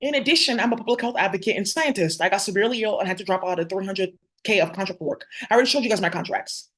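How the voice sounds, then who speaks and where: A woman's voice: medium pitch, racing, fairly bright tone. A woman vlogging straight to camera in a heated, profane, confrontational rant.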